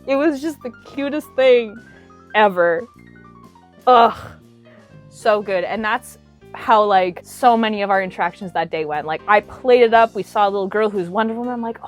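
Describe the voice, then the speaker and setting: A young woman telling a cosplay story to camera in a bubbly, animated way, with lots of "like" fillers. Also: mid-range voice, moderate pace, soft background music. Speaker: cosplay vlogger.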